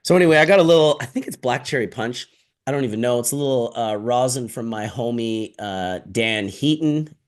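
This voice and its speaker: A man's voice: mid-range voice, brisk, smooth. A man hosting a casual show, joking and swearing freely as he chats with guests. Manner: animated, joking, swears a lot. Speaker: host. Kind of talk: casual chat.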